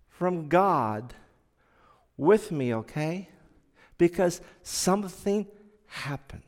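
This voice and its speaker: A man giving a personal testimony, telling it slowly and earnestly, dropping to a hush and then rising loud. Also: high voice, expressive, long reverb tail. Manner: slow, earnest storytelling that swings from hushed to loud.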